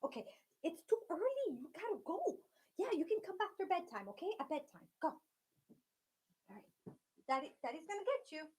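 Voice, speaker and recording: High-voiced chatty woman host. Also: sing-song, fairly quick, long pauses, darkish tone. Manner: chatty, laughs often, talks straight to her viewers. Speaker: live-stream host. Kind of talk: casual live-stream chat. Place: home.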